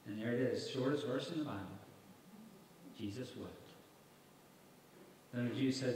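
A man's voice: medium pitch, a little slow, pauses often, a little mellow. A male evangelist preaching and reading scripture, stressing points with rhetorical questions to his listeners. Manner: emphatic, rhetorical questions to the congregation. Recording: very echoey hall, mic far off, faint noise.

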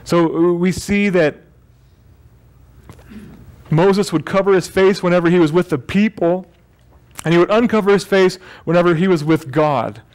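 A man's voice: high-pitched, unhurried, darkish tone, clear, resonant tone. A man preaching a sermon as pastor, talking in a loose, joking way and often correcting himself mid-sentence. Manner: conversational and joking, with self-corrections. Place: church.

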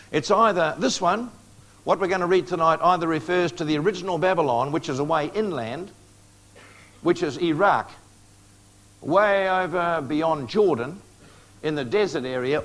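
A man preaching a prophecy lecture to a live audience, coaxing responses with questions and joking asides. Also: on the high side.

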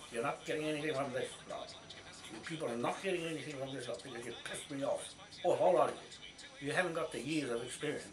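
A man's voice: medium pitch, noisy background. An older man, delivering an angry, rambling, swearing rant about land and courts. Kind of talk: angry monologue. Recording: roomy, distant mic.

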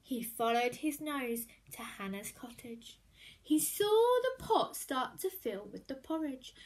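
A woman reading a children's story aloud in an expressive, animated way, sometimes dropping to a hushed whisper. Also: sits high, slow.

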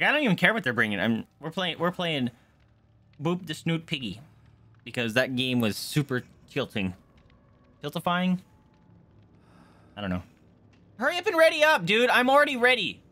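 Excitable male streamer, lively swooping delivery, swears often while playing. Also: a little high, normal speed, long pauses, dry recording. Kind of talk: gameplay commentary.

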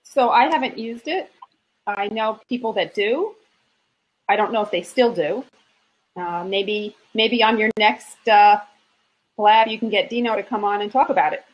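A woman's voice: medium pitch, a little slow. Woman panel guest, easygoing and thoughtful, dull lo-fi call audio. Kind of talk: casual web panel chat.

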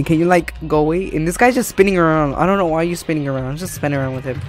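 A gaming channel host talks over live gameplay, jumpy and easily startled, exclaiming all the way through. The voice sits at a middling pitch, and faint background music plays under it. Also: quick pace.

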